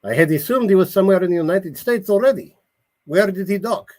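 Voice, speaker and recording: A man voicing a sharp-witted woman doctor. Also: sits high, animated, pitched above the performer's own voice. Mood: surprised. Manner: quick, pointed, lightly mocking. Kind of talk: reading his novel aloud.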